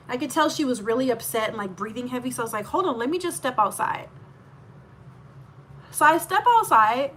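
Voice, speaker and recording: A woman telling her own story in a candid vlog, animated and laughing often, full of asides. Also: mid-range voice, slight background noise. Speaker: vlogger.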